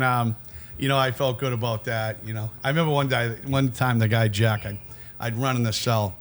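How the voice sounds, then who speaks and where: A man's voice: medium pitch, steady tone, normal speed. Streetwise middle-aged man telling prison stories. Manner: streetwise, rambling, swears freely. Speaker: podcast guest, former inmate. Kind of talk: casual storytelling.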